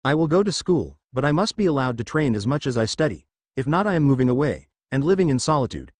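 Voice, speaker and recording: A man plays a teenage fighter laying down the law, firm and measured. His delivery moves lively in pitch, and the recording is dry and close. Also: dry recording. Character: teenage male half-alien fighter, firm.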